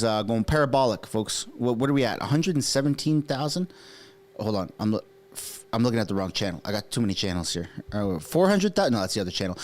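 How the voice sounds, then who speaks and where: A man whose first language is French runs a political livestream in loose, chatty English. He swings his voice up and down as he jokes and curses. He keeps talking straight to the viewers watching live. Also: medium pitch. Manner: animated, swears, jokes, talks to chat viewers. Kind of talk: casual live commentary.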